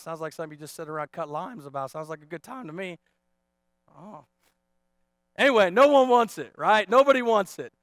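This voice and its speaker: A man in his thirties preaching a sermon as pastor, animated and repetitive, joking with the congregation. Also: on the high side, no room sound, clean studio sound. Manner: animated, repeats words, jokes with congregation.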